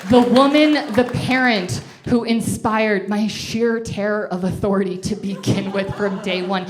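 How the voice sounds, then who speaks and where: A young adult woman from Colorado telling a funny story on stage, self-mocking and lively, jumping into exaggerated voices. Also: medium pitch, measured pace, slight background noise. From Denver, Colorado. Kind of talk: live comedic storytelling. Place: stage before a live audience.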